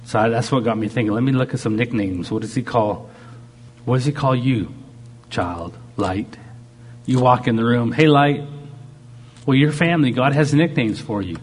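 A man delivering a lively sermon in a middle-pitched voice. He talks with energy and acts out God speaking in short quoted lines. A faint hum sits behind the recording. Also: moderate pace. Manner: animated preaching, acting out God's voice in quotes. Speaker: pastor.

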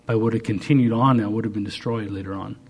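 A man preaching a sermon, telling stories with bursts of excitement and quiet asides. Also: lowish voice, quick pace, breathy edge.

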